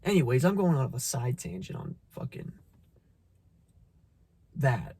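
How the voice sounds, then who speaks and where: A man's voice: mid-range voice, sing-song, measured pace, dark tone, husky, no room sound. A man giving a blunt, profane motivational talk, preaching at the listener, repeating himself and restarting his sentences. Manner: repeats phrases, stumbles on restarts. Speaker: motivational vlogger. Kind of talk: casual motivational monologue.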